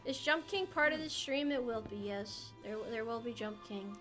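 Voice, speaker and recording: A woman's voice: on the high side, moderate pace, a bit bright, faint music behind. A young American woman streaming a game, chatting playfully with her viewers in a rambling way. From United States. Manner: playful, rambling, answers chat. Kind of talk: casual live-stream chat while gaming.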